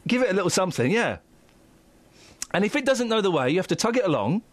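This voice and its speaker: A man's voice: high-pitched, very animated, fast talker, no echo. A man presenting a radio show in casual, joking banter, laughing often.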